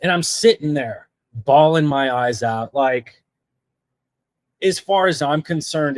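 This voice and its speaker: A man's voice: on the high side, slow, no room sound. Earnest man telling his story, dry close sound. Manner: earnest, heavy use of "like" fillers. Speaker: podcast guest. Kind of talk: recounting a personal story.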